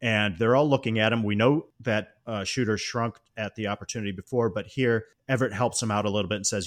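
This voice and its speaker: A man on a podcast casually discussing a film, recounting scenes in an animated way and often laughing as he talks. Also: fairly low pitch, fast talker, few pauses. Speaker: podcast co-host.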